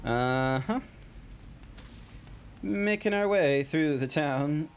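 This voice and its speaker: An Australian man streaming a game, swearing freely in animated casual commentary and reading game dialogue aloud. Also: on the high side, unhurried, a little hiss or hum.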